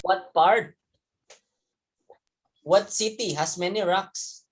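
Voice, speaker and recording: A man's voice: sits high, slow pace, background noise. A man, a teacher telling young students a story from his childhood, repeating words and chuckling as he goes. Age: 30s.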